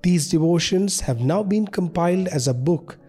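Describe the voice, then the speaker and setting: A man signs off a devotional program with a friendly, direct appeal to listeners. His voice is mellow and warm and sits a little high for a man. Faint music plays underneath. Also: lively intonation, moderate pace, husky. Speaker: ministry host. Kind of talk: closing announcement.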